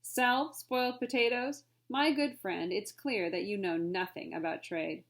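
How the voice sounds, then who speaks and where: A heavy, gloomy Yankee trader complains in loud groans, as a woman puts him on. The storybook figure is sour and self-pitying. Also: medium pitch, unhurried, natural voice. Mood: complaining.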